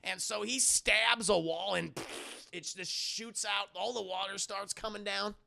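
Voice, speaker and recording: A man casually recapping a film for his live chat, profane and animated as he talks to his viewers. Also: sits high, measured pace, vocal fry. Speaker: streamer and film reviewer. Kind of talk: casual livestream movie recap.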